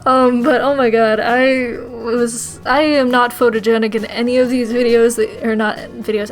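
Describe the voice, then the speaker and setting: A young woman telling a rambling, excitable story as a vlog voice-over, often breaking into giggles. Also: fairly high pitch. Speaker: vlogger.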